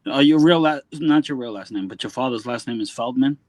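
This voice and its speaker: A man's voice: mid-range voice, fairly quick, darkish tone, dry recording. A man hosting a casual interview, asking questions and complimenting the guest in an eager, fan-like way. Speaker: podcast host.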